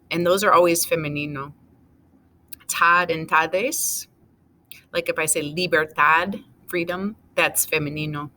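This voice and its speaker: A woman teaching a recorded class, going over answers item by item in a steady, methodical way. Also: deep voice, slight background noise. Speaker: Spanish teacher.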